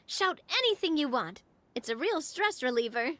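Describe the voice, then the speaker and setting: A woman voicing a cheerful, outgoing young woman in a game, playful and quick to laugh. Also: high-pitched, very animated, sharp tone, slight background noise, exaggerated voice. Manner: bubbly, playful, laughs easily. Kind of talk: game voice acting.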